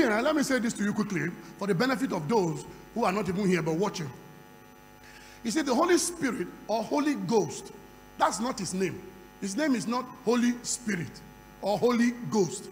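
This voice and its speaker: A man preaching a sermon at a conference, moving from quiet storytelling to loud shouting. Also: sits high, lively intonation, a little fast. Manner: acts out dialogue in a conversational storytelling voice. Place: large conference hall. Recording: reverberant hall with faint hum.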